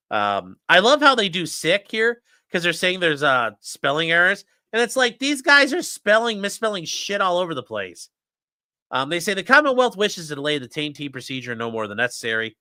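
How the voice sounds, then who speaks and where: A man's voice: fairly high pitch, sing-song, moderate pace, sharp tone, dry recording, clean studio sound. A man hosting a casual livestream, ranting sarcastically and with profanity while reading out and mocking legal filings. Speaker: host.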